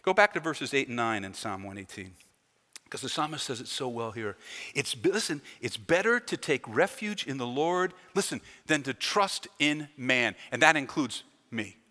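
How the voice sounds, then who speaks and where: A man's voice: medium pitch, animated, normal speed, sharp tone. A man preaching a sermon as a pastor, with an emphatic delivery that rises and falls. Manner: emphatic, rising and falling delivery with repeated phrases. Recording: long hall reverb.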